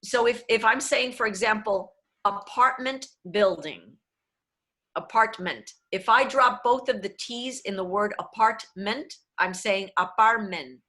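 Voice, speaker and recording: Bright-voiced woman coaching diction. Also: on the high side, unhurried, hardly any pauses. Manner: explanatory, switches into Spanish phrases. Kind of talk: online workshop talk.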